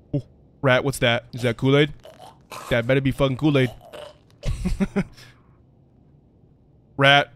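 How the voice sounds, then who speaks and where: A man's voice: mid-range voice, fairly even intonation, takes it slowly, pauses often, fairly bright tone. A young man hosting a let's-play, joking, swearing and laughing as he reacts. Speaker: gaming video host.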